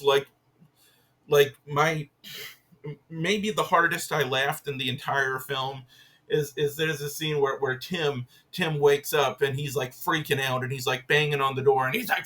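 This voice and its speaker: A man's voice: fairly high pitch, pushed and bright. A man casually reviewing a film, rambling with lots of fillers and swearing freely, amused by what he describes.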